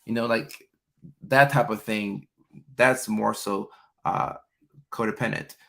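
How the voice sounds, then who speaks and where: His voice is low, gravelly and fairly bright, with fairly even intonation, and he speaks slowly. The young man is hosting a casual live chat about relationships, fielding viewer questions with plenty of fillers and imitating voices as he quotes others.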